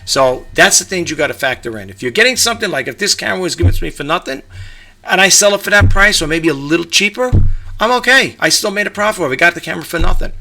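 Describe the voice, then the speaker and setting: A man's voice: high-pitched, lively intonation, fast talker, gravelly, bright, forceful tone, faint music behind. A middle-aged man from New York vlogging from his home about reselling, rambling casually with lots of fillers and restarts. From New York, USA. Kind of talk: casual talk to camera. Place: home room with a grandfather clock.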